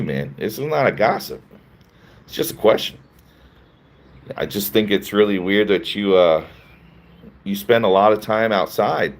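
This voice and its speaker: A man hosting a casual livestream who reads chat comments and fires back with sarcasm and mocking laughs. His voice sits low. The delivery is loose and conversational. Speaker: livestream host.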